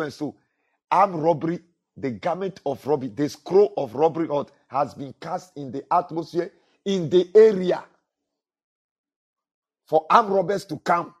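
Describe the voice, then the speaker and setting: A man's voice: a little high, breathy edge. A male pastor preaching a sermon, repeating phrases and asking the congregation to fill in words. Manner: repetitive preaching with call-and-response questions to the congregation.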